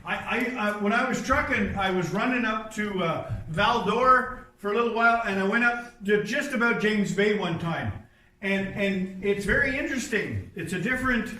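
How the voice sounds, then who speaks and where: Male pastor with a high voice, conversational sermon, distant mic in a reverberant church. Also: lively intonation, normal speed, pushed and bright. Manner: conversational storytelling with asides and restarts. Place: church sanctuary.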